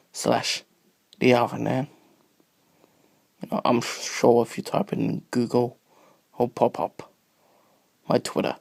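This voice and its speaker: A man with a cough rambles through a video blog, slipping into whispers and losing his thread. His voice is gravelly and husky, and he speaks slowly. The sound is dry and close. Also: medium pitch, a little mellow, no echo. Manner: rambling, easily distracted, drifts into whispers. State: sick with a cough. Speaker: video blogger. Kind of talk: rambling casual monologue. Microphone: phone camera.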